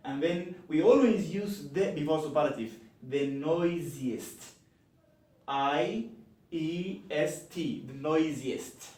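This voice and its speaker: A man teaching an English grammar lesson, slowly spelling out words and repeating each form. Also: fairly high pitch, darkish tone, far from the mic. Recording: echoey room, from the mic.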